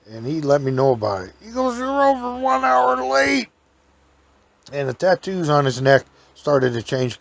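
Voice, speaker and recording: Gravelly folksy guy rambling thru a story, chuckling a lot. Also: medium pitch, a little mellow. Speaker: podcast host and storyteller.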